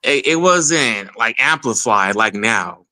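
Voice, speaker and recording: A man's voice: medium pitch, lively intonation, takes it slowly, bright, forceful tone. A man joining as a guest, chatting easily and agreeing, with a nostalgic streak. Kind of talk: casual chat.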